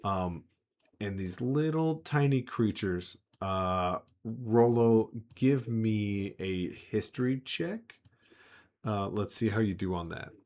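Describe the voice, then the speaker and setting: Low-voiced man running a tabletop game. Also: animated, slow pace, a little mellow. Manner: rambling, full of filler words and restarts. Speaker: game master.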